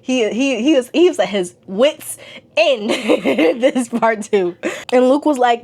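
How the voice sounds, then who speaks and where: A young woman chatting casually in a slangy, animated way. She laughs often as she talks. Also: a little high, slow, vocal fry. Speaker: vlogger reviewing a TV series. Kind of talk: casual chat.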